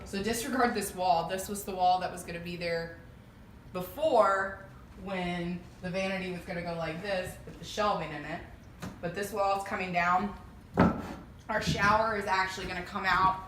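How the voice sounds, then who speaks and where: A woman's voice: fairly low pitch, steady tone, normal speed, background noise. Chatty woman touring a bare, echoey room. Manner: chatty, lots of ums, thinking aloud. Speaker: homeowner giving a renovation tour. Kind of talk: casual walkthrough vlog. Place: empty house under renovation, indoors. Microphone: camera mic held by another person.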